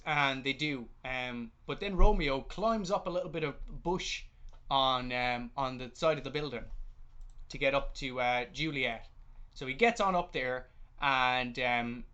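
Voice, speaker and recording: A man co-hosting a film review podcast in casual chat, stubborn and animated, often trailing off into low mumbles over a video call. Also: measured pace. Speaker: podcast co-host, film critic.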